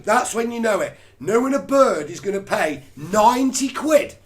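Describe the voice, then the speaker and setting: High-voiced swearing man. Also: normal speed. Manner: animated, mocking, swears a lot. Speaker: co-host. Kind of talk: crude comedic chat.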